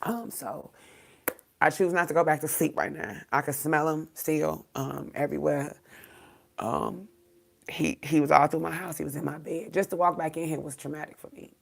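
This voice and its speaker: Grieving woman host, low gravelly voice, halting and close to tears, talking to viewers. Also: fairly even intonation. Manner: halting, many ums, swears, faith talk. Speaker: livestream host. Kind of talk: grieving livestream talk, reading comments.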